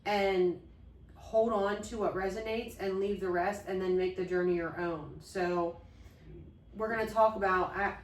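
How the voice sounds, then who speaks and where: A woman's voice: medium pitch, fairly even intonation, a little slow, echoey room, recorded from a distance, low-quality recording. A woman co-hosting a podcast, talking earnestly and openly about her late father and grief. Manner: earnest, open, loses her train of thought. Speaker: podcast co-host. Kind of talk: heartfelt conversation about grief.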